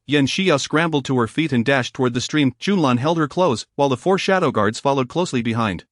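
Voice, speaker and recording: A man narrating a story recap in a smooth, even reading without pauses or slips. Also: mid-range voice, dry recording, studio quality.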